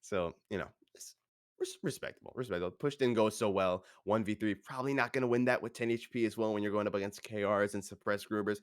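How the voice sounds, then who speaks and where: Laid-back low-voiced male caster. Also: steady tone, quick pace. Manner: laid-back, laughs often, says bro and dude. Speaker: esports caster. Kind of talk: casual play-by-play commentary.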